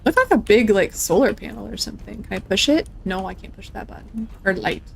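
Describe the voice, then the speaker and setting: A woman's voice: medium pitch, lively intonation, brisk, gravelly, a little hiss or hum. A young woman casually commentating her own gameplay, chatty and playful, talking to enemies and viewers. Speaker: gameplay streamer. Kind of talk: casual let's-play commentary.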